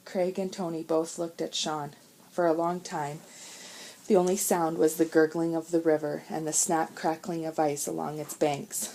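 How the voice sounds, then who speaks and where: A woman narrating a children's chapter book in a calm, measured way. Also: low-pitched, slight background noise, poor audio. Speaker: audiobook narrator. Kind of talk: storybook narration.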